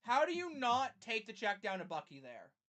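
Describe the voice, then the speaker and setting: A woman's voice: a little high, huge pitch swings, moderate pace, a bit bright. A woman streaming a live fan reaction, calling plays and then ranting angrily with heavy swearing. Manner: play-by-play calling of the game.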